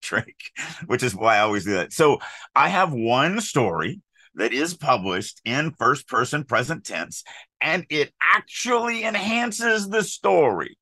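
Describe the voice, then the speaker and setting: A man's voice: mid-range voice, big pitch swings, unhurried, pushed and bright, slightly rough, dry recording. A middle-aged man co-hosting a writing podcast, talking casually in an opinionated, emphatic way with rambling asides. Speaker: podcast co-host, author. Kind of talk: casual chat on writing craft.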